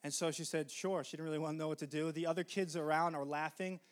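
A man's voice: on the high side, level tone, quick pace. A man preaching a sermon, telling a story in an earnest, conversational way with frequent restarts. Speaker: pastor.

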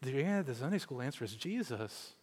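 A man from Kansas in his forties, a pastor preaching a sermon in an animated way, often repeating words as he starts a thought. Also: medium pitch, a little fast, breathy edge, long reverb tail. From Kansas, USA.

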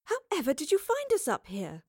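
A woman's voice: fairly high pitch, sing-song, normal speed, darkish tone, dry recording, studio quality. A woman voicing a kindly, genteel lady who gasps and sounds friendly but concerned, in an audiobook. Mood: surprised. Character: kindly, genteel young lady, easily startled. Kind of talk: audiobook character voice.

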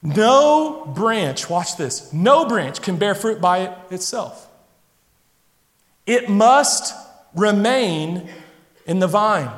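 A middle-aged man preaching a sermon to a congregation, animated, now and then acting out the voices of his listeners and his children. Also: sits high. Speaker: pastor. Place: church sanctuary. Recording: long reverb of a large hall.

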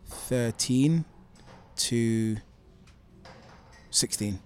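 A man's voice: medium pitch, drawn-out words, slight background noise. A young man with a Manchester accent, a guest chatting casually in an interview with many fillers. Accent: Manchester English. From England. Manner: relaxed, lots of fillers and laughs. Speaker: guest entrepreneur.

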